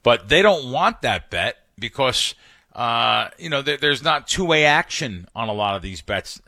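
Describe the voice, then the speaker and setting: A man's voice: mid-range voice, sing-song, unhurried, sharp tone, dry recording, clean studio sound. A man, a professional sports bettor, talking casually on a podcast, often restarting and stumbling over his words as he explains things with emphatic anecdotes.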